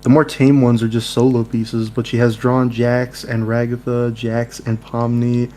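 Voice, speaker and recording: A man's voice: medium pitch, measured pace. A young man reading a dating-sim game aloud with friends, joking and laughing between lines. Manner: laughing, jokey, animated asides. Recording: mains hum behind.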